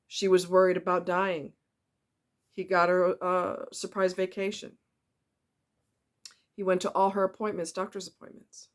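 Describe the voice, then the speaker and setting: A woman giving a casual monologue about relationships, emphatic and animated, repeating words for effect. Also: lowish voice, a little slow, pauses often. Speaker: relationship commentator.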